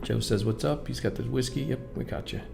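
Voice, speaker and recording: A man's voice: mid-range voice, brisk, gravelly, music in the background. A man hosting a live stream, greeting viewers and reading their comments aloud in a casual, upbeat way. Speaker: livestream host.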